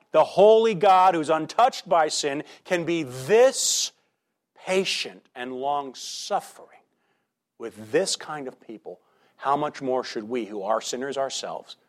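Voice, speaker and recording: Male pastor, slightly raised pitch, conversational sermon delivery with rhetorical questions and animated swings in volume. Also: measured pace. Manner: animated, swings between loud emphasis and quiet asides.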